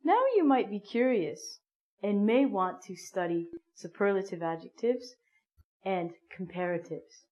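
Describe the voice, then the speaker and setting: A woman teaching an English phonics lesson, speaking slowly and clearly with playful dramatic gasps. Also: medium pitch, a little mellow. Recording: dull lo-fi sound.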